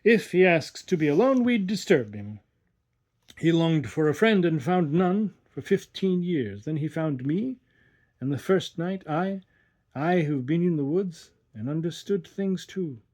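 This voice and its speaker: A man reading aloud and voicing a young Italian fisher lad who speaks gravely and haltingly. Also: a little high, expressive, a little mellow.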